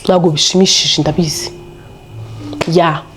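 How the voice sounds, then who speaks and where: A young woman telling a story to camera in a casual vlog, animated and laughing often as she switches between Kinyarwanda and English. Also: fairly low pitch, unhurried, slight background noise. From Rwanda. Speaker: storytelling vlogger.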